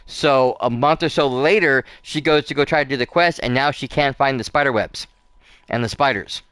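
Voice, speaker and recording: Host, male, casual gameplay chatter, rambling with fillers, smooth resonant voice. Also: medium pitch, normal speed, a bit bright, no room sound. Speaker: gaming channel host. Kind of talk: casual let's play commentary.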